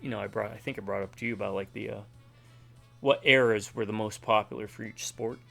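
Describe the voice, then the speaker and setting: A middle-aged man with a gravelly, creaky voice rambles easily between moves in a co-op game. Faint game music hums behind him. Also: fairly low pitch, steady tone, brisk, pushed and bright. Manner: laid-back, rambling. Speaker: co-host gamer. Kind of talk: casual gameplay chat.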